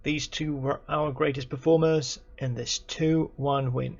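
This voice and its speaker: A man commentating his own football management game, excitable and chatty, cheering on his players and talking to them. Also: medium pitch, a little slow, gravelly, lo-fi sound. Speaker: gaming YouTuber.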